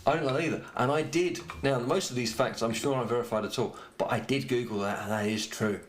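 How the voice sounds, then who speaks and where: A man's voice: medium pitch, fast talker. A man co-hosting a podcast, rambling in casual chat and swearing freely. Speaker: podcast co-host. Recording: echoey room with faint noise.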